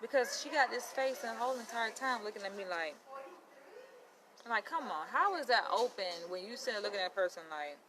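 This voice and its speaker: Blunt, animated woman vlogging. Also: on the high side, brisk, noisy background. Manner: blunt, animated, quotes people in dialogue. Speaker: psychologist in training. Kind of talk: casual vlog rant.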